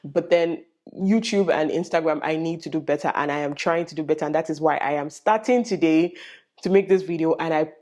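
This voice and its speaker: A young woman with a Nigerian accent, chatting casually to her viewers in a vlog, telling stories in an animated way with Pidgin asides. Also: low voice, brisk. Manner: animated storytelling with lively quoted voices and Pidgin asides. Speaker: vlogger.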